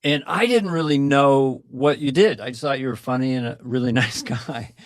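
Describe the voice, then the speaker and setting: A man co-hosting a podcast, chatting in an easygoing, admiring way. His voice sits at a middle pitch. The sound is close and dry, with no room around it. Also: moderate pace, no echo. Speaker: podcast co-host. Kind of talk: casual chat.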